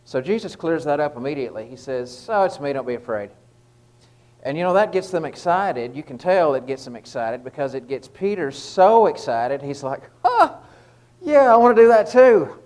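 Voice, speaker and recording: A man gives a relaxed, informal devotional, talking through scripture in an everyday tone. He pauses often, restarting phrases and filling gaps with "uh". His voice sits at an ordinary middle pitch. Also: low-quality recording. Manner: conversational, with frequent fillers and restarts. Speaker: lay preacher giving a short devotional.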